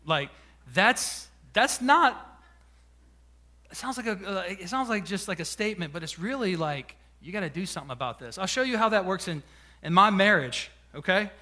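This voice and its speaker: High-voiced pastor preaching with bright energy. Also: male voice, expressive. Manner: conversational preaching with dramatic slowdowns. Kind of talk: sermon.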